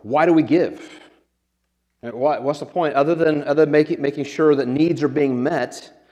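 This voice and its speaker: Conversational pastor, echoing church. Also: male voice, on the high side, normal speed, mellow. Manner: conversational, self-deprecating humor, frequent restarts. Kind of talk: sermon. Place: church sanctuary. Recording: long church reverb.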